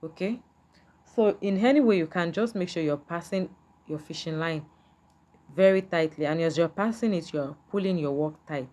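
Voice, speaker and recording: A woman with a lowish, warm voice gives a patient, step-by-step beading tutorial at a moderate pace. She repeats herself and often asks the viewer, "can you see?"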